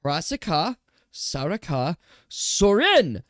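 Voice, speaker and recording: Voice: medium pitch, expressive, dry recording, clean studio sound, lightly acted. A chanting spellcaster woman, as the GM puts her on. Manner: slow, louder chanted incantations. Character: woman spellcaster chanting incantations, intent and eager. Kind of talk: tabletop game role-play.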